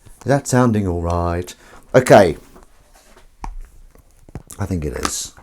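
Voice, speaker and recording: Low-voiced man rambling on a live stream. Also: animated, slow, a little mellow. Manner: rambling, self-interrupting, casually sweary. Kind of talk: casual live-stream chat. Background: faint running water and sink sounds.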